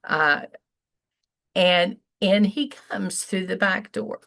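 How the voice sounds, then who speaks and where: An older woman telling a personal story slowly and deliberately, pausing for effect and going high and loud when she quotes what was said. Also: vocal fry. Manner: slow and deliberate with dramatic pauses; rises high and loud when quoting dialogue. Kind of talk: storytelling talk.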